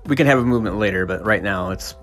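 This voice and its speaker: A man's voice: lowish voice, fast talker, soft background music. Profane, stammering man ranting. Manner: profane, stammering restarts and fillers. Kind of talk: casual opinion rant.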